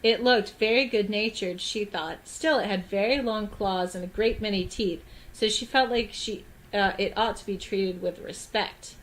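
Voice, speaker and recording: A woman reading a classic children's book aloud on a stream, brisk, with small slips and restarts. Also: mid-range voice, low-quality recording. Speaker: storybook reader.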